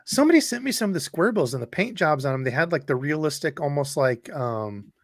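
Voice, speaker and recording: Casting note: a laid-back man co-hosting a fishing livestream, relaxed and chatty, dry close mic. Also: on the high side, fairly quick, dry recording. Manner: relaxed, chatty, frequent ums. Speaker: co-host reading viewer questions. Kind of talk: casual live-stream chat.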